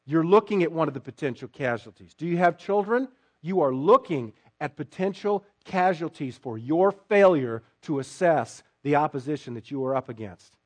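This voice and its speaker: A man preaching in a church sanctuary, telling a personal story and then building to forceful, emphatic points. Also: a little high, expressive, moderate pace. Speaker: pastor.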